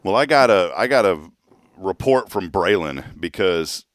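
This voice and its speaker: A man in his thirties chatting casually as a show host, telling a family story with lively laughs. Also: deep voice, unhurried, no room sound, clean studio sound. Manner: storytelling, animated, laughs often. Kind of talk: casual chat.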